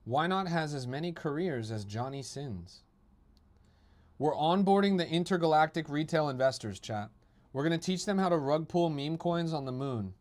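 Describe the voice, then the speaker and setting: A young man hosts a crypto livestream, reading viewer messages aloud and tearing into them with profanity and mockery. His voice sits somewhat high for a man. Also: a little mellow. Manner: profane, mocking, rants at chat. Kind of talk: livestream chat commentary.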